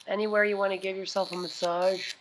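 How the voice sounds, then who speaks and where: Woman vlogger, mid-pitched voice, rambling and chatty, faint noise behind. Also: little pitch movement, a little fast, poor audio. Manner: rambling, chatty, trails off and restarts often. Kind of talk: casual chat reviewing beauty gadgets.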